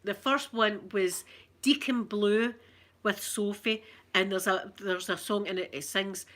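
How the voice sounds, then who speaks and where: A woman's voice: mid-range voice, steady tone, a little slow, fairly bright tone. A middle-aged Scottish woman, an ASMR streamer chatting casually, telling rambling stories and reading out viewer comments. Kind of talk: casual live chat.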